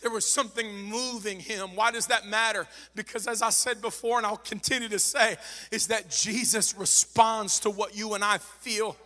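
A man's voice: sits high, steady tone, normal speed, pushed and bright. A man preaching a sermon as pastor, fervent and repeating phrases for emphasis. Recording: long reverb of a large hall.

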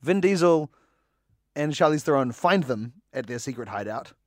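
A man's voice: mid-range voice, animated, moderate pace, no echo, studio quality. A man co-hosting a casual movie podcast, joking and laughing often. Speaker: podcast co-host.

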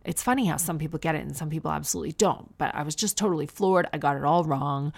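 A woman's voice: deep voice, quick pace, gravelly, slightly rough. A Canadian woman in her thirties talking in a casual, wry, self-mocking monologue as a podcast host. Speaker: podcast host and new mother.

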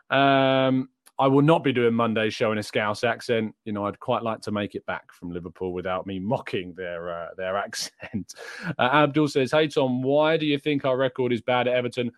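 A man's voice: mid-range voice, a little fast, dry recording, studio quality. A young English man hosting a casual live show, chatting and answering questions from the chat. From England. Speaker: host.

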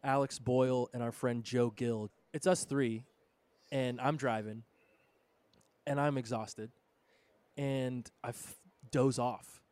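A man's voice: medium pitch, steady tone, takes it slowly, pauses often, a little mellow, smooth, no echo. A man in his thirties, a podcast co-host, telling a road story in a casual, laid-back way with lots of "dude" and "bro". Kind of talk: casual chat.

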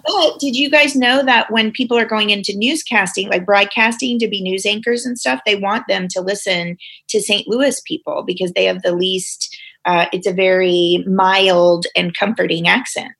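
A woman from Missouri with a faint Missouri accent, talking casually as a podcast guest. Her voice is bright and forward. She tells animated stories and laughs often. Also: medium pitch, normal speed, vocal fry. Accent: light Missouri. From Springfield, Missouri. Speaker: guest actress. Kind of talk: casual chat. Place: recording studio. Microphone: studio microphone.

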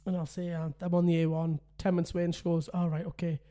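A man in his thirties co-hosting a casual podcast chat. His voice sits fairly high for a man. He tells stories in a chatty way and laughs often. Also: completely flat delivery, rapid-fire, mellow. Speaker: podcast co-host.

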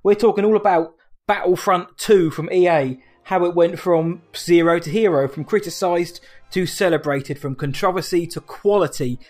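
A man's voice: high voice, moderate pace, a little mellow, soft background music. A man from the UK co-hosting a podcast in a jokey, upbeat way. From United Kingdom. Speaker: podcast co-host. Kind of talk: casual chat.

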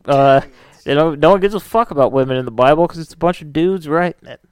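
A man's voice: fairly high pitch, fast talker, a little mellow, clean tone. A man hosting a casual podcast, rambling and joking with lots of fillers. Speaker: podcast host.

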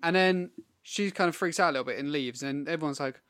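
A man's voice: on the high side, fast, fairly bright tone, no echo, studio quality. A man co-hosting a casual film review podcast, telling chatty, giggly recaps. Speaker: podcast co-host.

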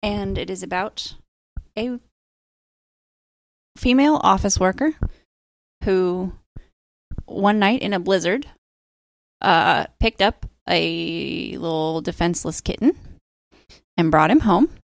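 A woman's voice: fairly low pitch, takes it slowly, vocal fry, pauses often, no echo. A woman in her thirties co-hosting a podcast, steadily explaining with a wry touch. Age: 30s. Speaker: podcast co-host. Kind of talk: casual chat.

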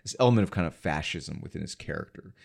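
A man's voice: rumbling low, expressive, quick pace, vocal fry. A man in casual film talk, hesitant with many fillers and restarts, blunt and profane.

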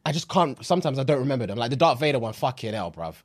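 A young man, co-hosting a podcast in casual chat, animated and swearing often, repeating words when stuck. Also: medium pitch, racing. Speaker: podcast co-host.

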